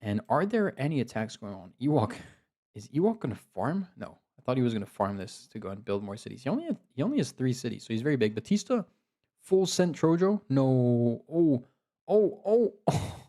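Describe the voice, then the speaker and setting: A man giving live, excitable commentary on an online strategy game, laughing and cheering players on, sounding a bit tired. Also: mid-range voice, fast. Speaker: game commentator and league host.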